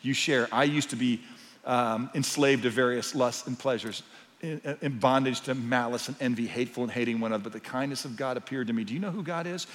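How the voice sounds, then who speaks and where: A man preaching a sermon as pastor, swinging between quiet, intimate passages and loud, emphatic ones. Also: mid-range voice, brisk, big-room sound.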